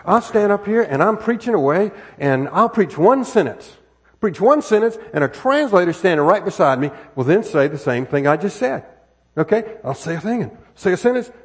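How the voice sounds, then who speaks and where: A high-pitched American man preaches in a church through a worn microphone, his voice husky. His delivery swings widely in pitch as he asks the congregation question after question and circles back over his own phrases. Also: very animated, moderate pace. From United States. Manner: conversational preaching with frequent rhetorical questions and repetitions. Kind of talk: sermon. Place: church sanctuary. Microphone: wireless microphone worn on body.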